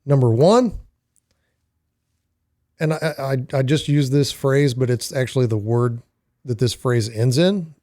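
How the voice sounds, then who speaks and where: A man's voice: mid-range voice, measured pace, long pauses, mellow, no room sound, studio quality. A man co-hosting a casual podcast chat, wry and laughing, often restarting his sentences. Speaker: podcast co-host.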